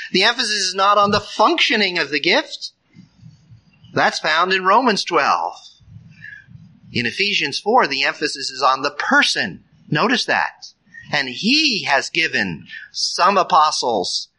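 Male pastor, higher-pitched and very bright tone, emphatic sermon delivery. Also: poor audio. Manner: earnest, emphatic, rises sharply on key phrases. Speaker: preacher.

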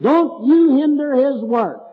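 An older man voicing a plain-spoken older farm wife, speaking slowly and earnestly, heard through a tinny, echoey hall recording. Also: high voice, expressive, soft background music, voice pushed up.

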